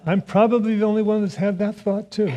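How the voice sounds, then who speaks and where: A man's voice: high voice, little pitch movement, fairly quick. An older man giving a Sunday sermon in a church, telling a self-mocking story and chuckling often. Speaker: speaker giving the Sunday message. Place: church sanctuary.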